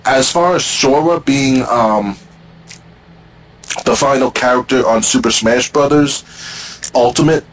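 A man's voice: medium pitch, rough recording. A man hosting a casual gaming podcast, giving opinions in a hesitant, conversational way. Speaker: podcast host. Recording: faint background noise.

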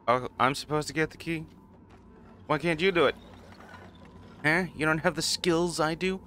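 A man's voice: on the high side, moderate pace, long pauses, pushed and bright, slight background noise. A man casually commenting on a game as he plays, rambling and chuckling at himself. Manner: rambling, self-mocking, laughs often. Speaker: gaming channel host. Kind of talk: casual let's play commentary.

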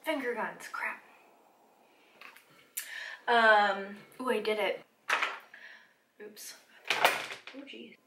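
A woman's voice: mid-range voice, very slow, pauses often, heavy background noise. A woman vlogger chatting casually through a makeup tutorial, rambling and joking at herself as she works. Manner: rambling, self-deprecating, talks to herself while working. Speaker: beauty vlogger. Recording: echoey room.

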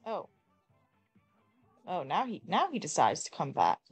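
A woman's voice: deep voice, wildly swooping pitch, unhurried, husky, soft background music. A woman giving casual gameplay commentary, exasperated, swearing often and talking at her characters. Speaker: gamer.

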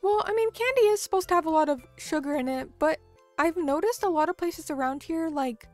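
A woman's voice: very high voice, a little fast, faint music behind. A young American woman streamer chatting casually with her viewers, talking loosely with lots of fillers as she reads and answers chat. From United States.

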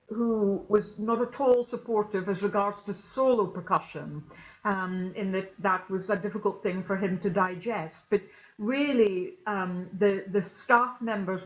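A woman musician answering questions in an online talk, explaining her ideas in a reflective, gently emphatic way. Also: mid-range voice, lo-fi sound. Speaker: guest percussionist. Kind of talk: online lecture Q&A.

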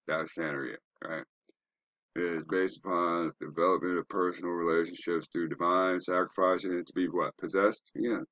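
A man's voice: extremely low pitch, a bit bright, no echo, dull audio. A man giving a rambling, profane, preachy commentary while browsing web pages, asking rhetorical questions. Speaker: online commentator.

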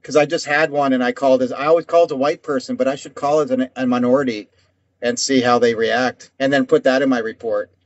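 A man's voice: mid-range voice, fairly even intonation, fast talker, no echo. A man telling stories in casual profane chat as podcast co-host, rambling and acting out voices. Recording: dull lo-fi dry sound.

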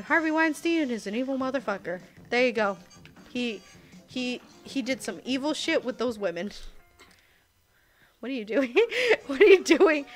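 A tipsy young woman streaming a game, rambling and swearing with giggles and sudden loud outbursts. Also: high voice. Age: young adult. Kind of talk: casual gaming stream chat.

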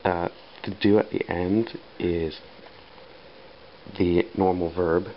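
A man teaching an English grammar lesson, speaking unhurriedly with pauses and fillers. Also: low-pitched, fairly even intonation. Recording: dull lo-fi sound with faint background hiss.

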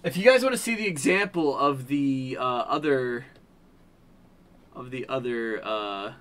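A man's voice: medium pitch, animated, unhurried, a bit bright. A man streaming himself opening card packs, chatting casually, hyping big pulls, joking with viewers, and mumbling while he sorts cards. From New England. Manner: chatty, hypes pulls, jokes with chat. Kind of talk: casual live-stream chat.

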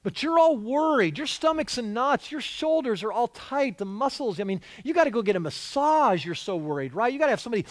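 A man preaching a sermon with a high, very lively voice that swings up and down. He speaks conversationally but with emphasis, repeating and restarting phrases as he goes. The sound is close and dry. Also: brisk, few pauses, no room sound. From United States. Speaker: pastor. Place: church.

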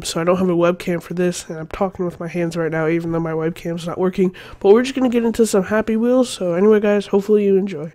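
A man commentating a video game while sick, his voice a little raspy, blurting excited, slangy reactions. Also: sits high, a little hiss or hum. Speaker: gaming commentator.

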